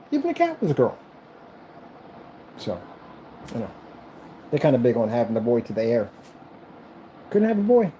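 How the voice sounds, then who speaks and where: A man's voice: medium pitch, dark tone, a little hiss or hum, low-quality recording. A man vlogging as he builds a computer, chatting casually in a rambling, repetitive and enthusiastic way. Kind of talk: casual chat while building.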